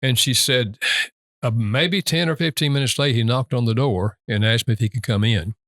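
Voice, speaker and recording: Older man, guest author, storytelling, quotes others in higher voice, dry close sound. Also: normal speed, a bit bright, no echo. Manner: retells stories with quoted voices, pitch leaps in the quotes. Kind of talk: storytelling interview chat.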